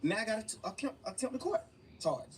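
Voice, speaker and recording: A young man being interviewed talks fast in a high-sitting, darkish voice with big pitch swings. As the guest, he tells his story emphatically and profanely, often repeating phrases, and a distant mic picks up faint room noise.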